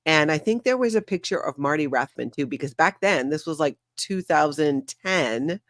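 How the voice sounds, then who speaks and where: A woman's voice: deep voice, animated, normal speed, no room sound, clean studio sound. A middle-aged woman hosting a casual chat, talking freely and laughing often as she tries out playful accents. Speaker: host.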